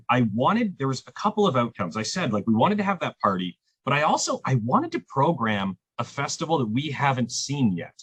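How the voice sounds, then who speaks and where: A man, casually chatting on a podcast as a festival programmer and telling lively stories. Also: slightly rough, dry recording. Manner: animated storyteller, jumps pitch when quoting others.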